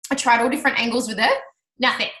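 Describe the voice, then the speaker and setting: A woman telling a personal story to an audience, chatty and animated, laughing often and acting out what people said. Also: fairly high pitch, fast. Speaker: speaker sharing her business success story. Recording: roomy hall reverb.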